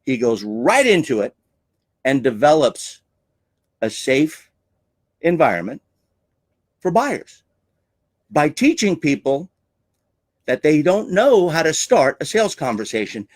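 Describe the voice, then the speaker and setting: Theatrical, animated man coaching sales. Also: on the high side, slow, long pauses, no room sound. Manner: theatrical, emphatic delivery. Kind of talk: teaching talk on selling.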